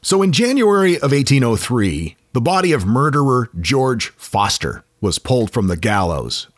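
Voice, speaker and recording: Maine-accented male co-host, animated storyteller, dry close sound. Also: normal speed, no echo. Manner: lively storyteller, slips into high-pitched character voices. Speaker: podcast co-host. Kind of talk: casual chat.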